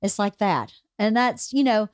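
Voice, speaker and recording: A woman's voice: mid-range voice, animated, a little slow, clean tone, no room sound, clean studio sound. A woman with a Southern American accent hosting a casual podcast interview, chatty and acting out quoted voices. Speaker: podcast host.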